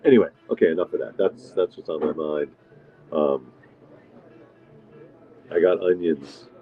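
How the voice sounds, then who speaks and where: A man's voice: extremely low pitch, measured pace. A middle-aged man hosting a casual live stream from a diner, rambling and answering viewer comments as he eats. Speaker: livestream host. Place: restaurant diner. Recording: dull lo-fi sound with faint music.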